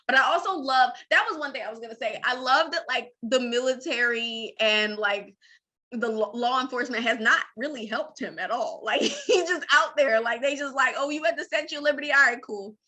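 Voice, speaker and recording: A woman's voice: high voice, brisk, bright, forceful tone. A woman co-hosting a casual film review, acting out movie lines, laughing often and swearing freely. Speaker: co-host.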